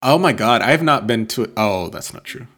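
A young man in his twenties co-hosting a casual podcast, throwing in teasing jokes and quick reactions. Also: mid-range voice, animated, fairly bright tone. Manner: teasing, joking interjections. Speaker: podcast co-host. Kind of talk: casual chat.

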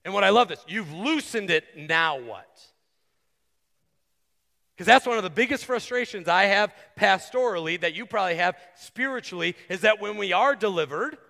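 Gravelly, bright-voiced male pastor preaching. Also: high-pitched, expressive. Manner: earnest, conversational preaching with quick asides. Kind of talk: sermon. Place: church sanctuary. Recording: long hall reverb.

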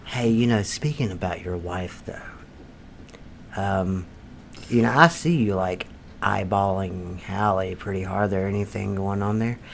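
A man's voice: low-pitched, unhurried, vocal fry, slight background noise. A man playing a crude, foul-mouthed redneck landlord from North Carolina, blustering through an improvised comedy sketch. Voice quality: profane, blustering, drawling. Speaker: comedy podcast character.

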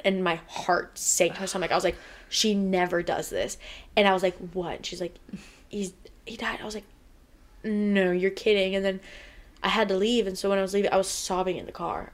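A young woman co-hosting a casual fan podcast, talking in a chatty, emotional way with many filler words. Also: mid-range voice. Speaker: podcast co-host.

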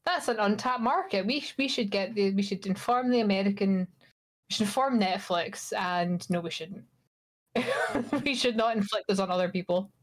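A woman's voice: mid-range voice, normal speed. A woman co-hosting a podcast, chatting in a rambling, wry way. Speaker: podcast co-host. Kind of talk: casual chat.

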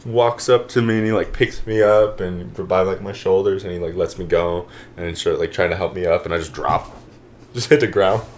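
A man in his twenties on a podcast, casually telling a long story with lively swings and casual swearing. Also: low voice, normal speed, a little hiss or hum. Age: 20s. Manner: animated storyteller, swears, says "bro". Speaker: podcast co-host. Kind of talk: casual chat.

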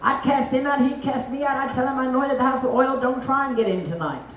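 A middle-aged woman evangelist gives a lively testimony sermon, full of folksy asides. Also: sits high, normal speed, slight background noise. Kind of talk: testimony preaching. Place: church meeting hall. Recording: echoey hall, mic at a distance.

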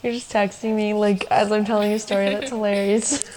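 A woman's voice: mid-range voice, little pitch movement, brisk, a crowd in the background, rough recording. A young woman co-hosting a podcast, telling a personal story in a loose, chatty way full of "like" and laughing asides. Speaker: podcast co-host. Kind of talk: casual storytelling chat.

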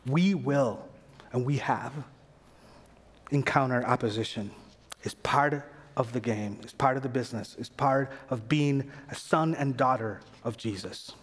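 A man preaching a sermon in a casual, animated way, acting out the voices of figures in the story. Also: mid-range voice, a little slow, breathy edge. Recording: long hall reverb.

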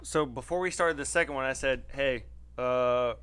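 A man with a clear, resonant and bright voice. He chats casually on a podcast, easygoing and telling stories. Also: a little high, fast talker. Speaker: podcast guest.

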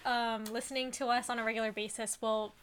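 Woman, podcast co-host, upbeat, chatty, bright voice. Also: fairly high pitch, little pitch movement, fairly quick, clear, resonant tone. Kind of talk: casual chat.

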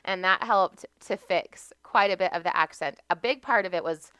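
A young American woman chatting as a podcast guest, her voice bright and lively in tone and slightly low in pitch. She tells her stories in a relaxed, talkative way with frequent laughter, recorded dry and close. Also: moderate pace, smooth, dry recording. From United States. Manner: chatty storyteller, laughs often. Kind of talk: casual podcast conversation.

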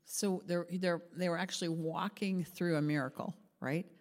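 A woman's voice: lowish voice, fairly even intonation, moderate pace, a little mellow. A woman pastor giving a chatty, interactive sermon and asking the group questions. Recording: long hall reverb.

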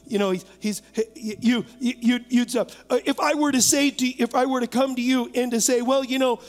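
A male pastor preaching a lively sermon, coaxing the congregation to talk back and acting out imagined doubts. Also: extremely high pitch, moderate pace, long reverb tail, faint music behind. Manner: acts out imagined voices and doubts. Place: church sanctuary, live service.

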